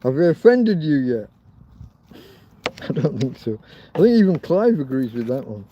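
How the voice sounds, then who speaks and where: With a medium-pitched, sing-song voice at a moderate pace, a man livestreams himself cooking outdoors in a field against a noisy background. The phone recording sounds dull and lo-fi, and his talk is rambling, casual, crude and full of jokes and swearing.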